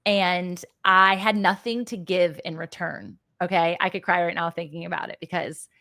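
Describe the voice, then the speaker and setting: A woman's voice: fairly low pitch, steady tone, moderate pace, bright, forceful tone, dry recording, clean studio sound. A woman, a mother and podcast guest, telling a heartfelt personal story in a casual chat, earnest and effusive. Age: adult with children.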